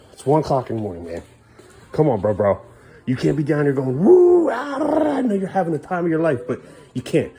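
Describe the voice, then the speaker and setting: Easygoing dad talking in a quiet house. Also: male voice, mid-range voice. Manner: coaxing and patient with his small son, chatty asides to camera. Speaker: father filming his family. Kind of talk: casual home vlog. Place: family home at night.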